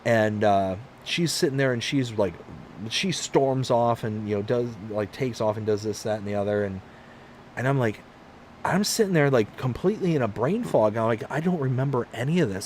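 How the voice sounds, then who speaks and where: A man's voice: medium pitch, moderate pace. A man chats casually on his livestream, spinning a long personal anecdote. His voice climbs and dips freely as he acts out each person in the story. A faint background noise sits under the recording. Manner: animated, acts out quoted voices. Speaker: livestream host.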